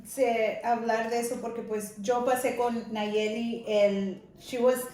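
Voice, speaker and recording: A woman's voice: fairly high pitch, flat delivery, unhurried, dark tone, heavy reverb, low-quality recording. A woman co-hosting a podcast, chatting and asking questions while mixing Spanish and English. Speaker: podcast co-host. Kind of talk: casual chat.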